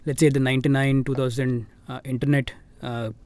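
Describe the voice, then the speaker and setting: A fund manager with an Indian English accent answers interview questions at a relaxed, thoughtful pace. His voice sits at a middle pitch, and he leans on fillers and restarts as he works through each point. He sounds like a guest giving careful, conversational replies. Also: fairly quick, dry recording.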